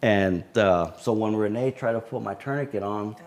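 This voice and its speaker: A man being interviewed as a sheriff's deputy guest, telling a personal story in a halting way with many fillers. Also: lowish voice. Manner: halting recounting with frequent fillers.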